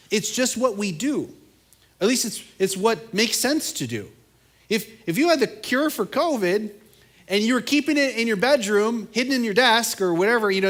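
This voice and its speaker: A young man preaching a casual, energetic sermon to students, talking conversationally. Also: high voice. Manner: animated, conversational, acts out quotes. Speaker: youth pastor.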